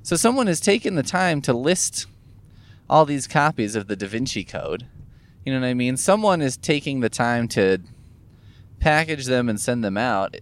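A man's voice: medium pitch, big pitch swings, normal speed. A man talking casually to camera in a rambling, musing monologue, sore from recent gum surgery, swearing offhandedly as he thinks aloud. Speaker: vlogger. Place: in a car.

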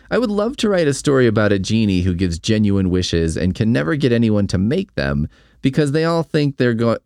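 Gravelly sarcastic man reviewing a book. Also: mid-range voice, a little mellow, dry recording. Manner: dry, sarcastic commentary. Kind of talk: casual spoken book review.

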